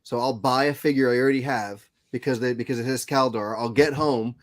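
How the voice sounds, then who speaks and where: A man's voice: mid-range voice, steady tone, brisk. A man guest on a casual podcast chat, easygoing and a bit hesitant, with many fillers. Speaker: guest, website founder.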